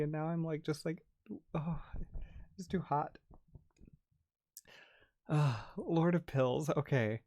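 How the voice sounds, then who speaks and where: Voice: mid-range voice, takes it slowly, long pauses, dark tone, no room sound, studio quality. A young adult ASMR creator hosting a casual livestream, chatting and reading out chat messages, with frequent giggles and a lot of "like". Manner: chatty, lots of "like" and restarts, giggles often.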